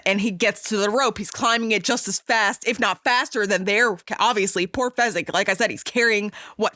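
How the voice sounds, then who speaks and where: High bright woman recapping a movie. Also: no room sound, clean studio sound. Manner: animated retelling, laughs often, quick asides. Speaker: podcast host.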